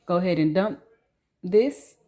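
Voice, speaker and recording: Chatty lady cooking at home, lowish voice, talking into her phone. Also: lively intonation, unhurried, dark tone. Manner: chatty, talks to viewers while cooking, slangy asides. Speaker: cooking vlogger. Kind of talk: casual cooking vlog chat. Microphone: phone camera.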